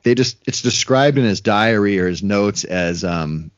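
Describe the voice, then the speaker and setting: A man's voice: fairly low pitch, animated, measured pace, no room sound. A man co-hosting a casual podcast, rambling with lots of fillers and acted-out quotes. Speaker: podcast co-host. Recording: dry, dull lo-fi sound.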